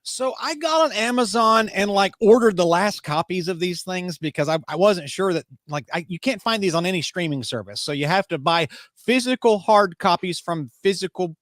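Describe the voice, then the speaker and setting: A man's voice: sits high, animated, normal speed, hardly any pauses, a bit bright, no echo. A man giving a comedic, sardonic commentary about a movie he watched, telling it as a story. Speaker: video commentator.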